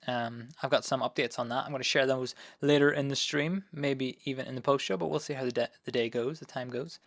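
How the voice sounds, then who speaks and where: A man hosts a live stream from his home studio, talking loosely and filling the gaps with ums and uhs. His voice is of middling pitch and sounds a little hoarse, picked up close and dry. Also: no room sound. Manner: relaxed, rambling, many fillers. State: voice going hoarse. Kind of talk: casual live stream chat.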